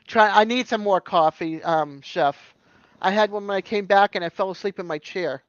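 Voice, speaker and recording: A man with a Boston accent and a high, smooth voice hosts a relaxed livestream, laughing easily and reading out names from chat. The sound is dry and close, yet dull and lo-fi like stream audio. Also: moderate pace, no echo. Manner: chatty, laughs often, reads viewer chat aloud. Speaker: livestream host. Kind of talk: casual chat.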